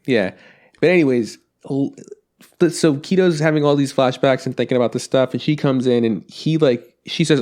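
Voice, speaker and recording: This man, co-hosting a relaxed anime review podcast, speaks at a moderate pace in a darkish, mid-range voice. His talk meanders with plenty of fillers, and he acts out quotes.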